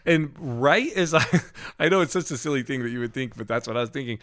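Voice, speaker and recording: A man with a voice of middling pitch recounts a personal spiritual experience on a faith podcast. He tells it casually and animatedly, with frequent laughs and self-corrections. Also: fast talker. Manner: animated storytelling with laughs and restarts. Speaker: podcast co-host.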